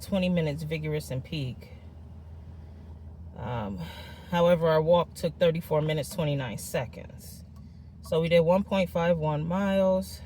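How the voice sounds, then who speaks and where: A woman's voice: low-pitched, dark tone, slight background noise. A woman in her forties vlogging outdoors after a walk, out of breath, chatty and upbeat. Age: 40s. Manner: chatty, upbeat, addresses viewers as friends and y'all. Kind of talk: casual vlog chat. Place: outdoors on a walking trail.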